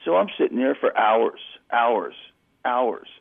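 A man telling an animated story as a guest calling into a radio show, stumbling and restarting as he goes. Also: mid-range voice, a little slow, vocal fry. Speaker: phone-in guest. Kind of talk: casual storytelling on a phone call. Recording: tinny phone line on radio.

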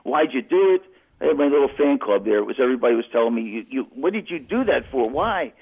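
A man telling an animated story as a guest calling into a radio show, stumbling and restarting as he goes. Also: mid-range voice, fast, slightly rough. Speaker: phone-in guest. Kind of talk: casual storytelling on a phone call. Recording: tinny phone line on radio.

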